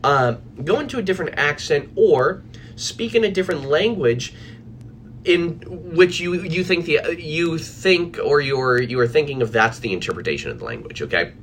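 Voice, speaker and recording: In a casual live video chat from his office, a man coaching on anxiety addresses viewers animatedly, using fillers and restarts. His fairly high, slightly bright voice has lively intonation and a moderate pace over slight background noise.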